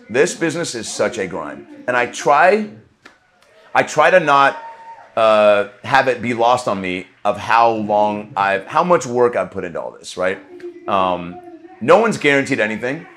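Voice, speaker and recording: A man's voice: medium pitch, sing-song, unhurried, fairly bright tone, a little hiss or hum. A man hosting his own podcast, talking through a recap in an earnest, reflective way, with plenty of restarts and casual swearing. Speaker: podcast host.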